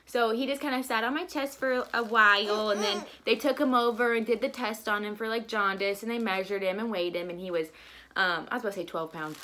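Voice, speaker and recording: A woman's voice: medium pitch, brisk, sharp tone, slight background noise. A young woman telling a casual, chatty story in a vlog, with lots of "like"s and bits of baby talk. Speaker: vlogger and new mother.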